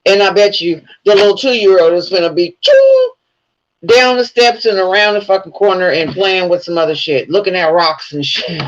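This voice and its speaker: A man with a slightly raised pitch rambles through a profane, loose story in a casual commentary. The recording sounds dull and lo-fi, lacking any crispness. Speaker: vlogger.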